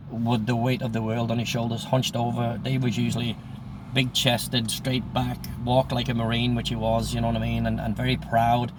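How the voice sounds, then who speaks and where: Against a noisy background, a man in his sixties with a medium-pitched voice recounts a story from his own life. He is casual and blunt, swears often, and keeps saying "I says" when quoting people.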